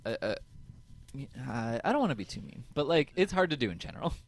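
A man's voice: medium pitch, sing-song, fast talker, creaky. A man co-hosting a podcast, chatting casually and jokingly about an episode, laughing often and acting out quotes. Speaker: podcast co-host. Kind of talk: casual recap chat.

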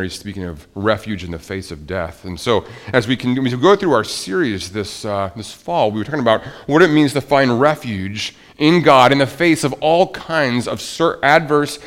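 A man preaching a sermon to a congregation, swinging between soft, hushed lines and loud, emphatic ones. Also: mid-range voice, expressive, normal speed, hardly any pauses. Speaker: pastor.

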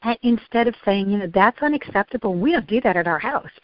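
A woman's voice: medium pitch, expressive, fast talker, no room sound, lo-fi sound. A middle-aged woman therapist talking earnestly in a podcast interview, with frequent ums and acted-out quotes. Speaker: therapist and guest.

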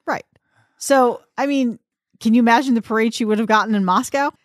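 A woman's voice: a little high, brisk, dry recording, studio quality. A woman hosting a tennis podcast, chatting casually and with strong opinions, often laughing. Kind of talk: casual chat.

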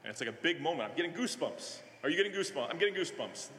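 A male minister preaching a sermon in a conversational way, halting often with fillers and restarts. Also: a little high, big pitch swings, fairly bright tone, slight background noise. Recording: echoey hall with long reverb.

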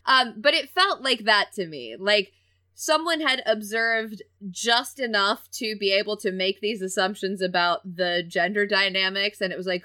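A woman's voice: medium pitch, moderate pace, pushed and bright. A woman in her thirties co-hosting a podcast, talking candidly in a casual film-review chat and often laughing while she tells stories. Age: 30s. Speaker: podcast co-host.

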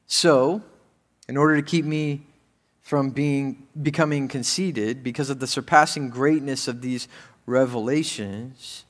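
A male pastor preaching a sermon, moving between hushed scripture reading and raised, urgent appeals to the congregation. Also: mid-range voice, long reverb tail.

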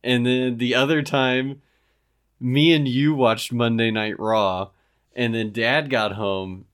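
Speaking at medium pitch, a young man reminisces in easygoing casual conversation. Frequent pauses let him gather his thoughts, yet he never loses his relaxed manner.

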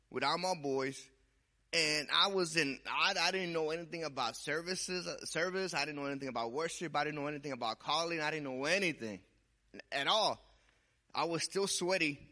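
Young guy preaching, bright voice, talks like he's just chatting, goes loud then real quiet. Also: fairly high pitch. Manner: conversational, repeats words, swings from loud to hushed. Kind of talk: sermon with personal testimony.

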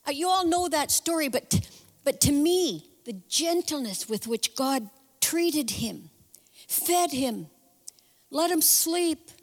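A woman giving a conversational sermon, telling a story in an animated way and acting out the voices in it. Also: high voice. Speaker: speaker at a church women's event. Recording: long hall reverb.

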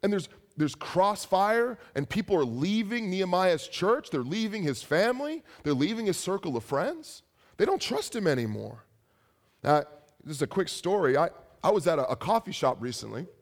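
A young man delivers a sermon as a pastor, slipping into stories and asides to the crowd. His pitch sits a touch high. It rises and falls in a very animated way. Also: normal speed.

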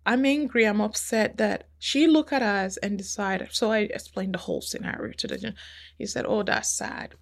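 A woman's voice: medium pitch, steady tone, moderate pace, gravelly. A woman recounting a personal story in conversation, emotional and acting out the dialogue of the people involved, with frequent restarts. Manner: emotional, re-enacts dialogue with quoted voices; repeats and restarts while recounting. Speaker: interview guest.

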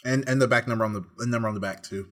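A man co-hosting a casual podcast, cracking dry, low-key jokes. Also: steady tone, rapid-fire. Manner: dry, quietly joking. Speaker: podcast co-host. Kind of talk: casual chat.

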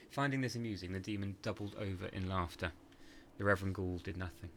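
Deep-voiced man narrating a dark tale. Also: steady tone, a little hiss or hum. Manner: measured, hushed dramatic storytelling. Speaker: podcast narrator. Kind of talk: scripted horror story narration.

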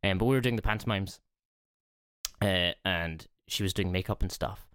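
A man's voice: deep voice, normal speed, fairly bright tone, smooth, no echo, studio quality. A man co-hosting a podcast, chatting casually and rambling with many ums and repeated words. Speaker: podcast co-host. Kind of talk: casual chat.

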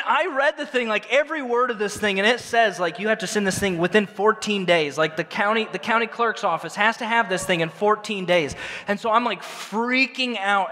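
A man preaching a storytelling sermon as pastor, animated and self-mocking, often restarting his sentences. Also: sits high. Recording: long hall reverb from a large room.

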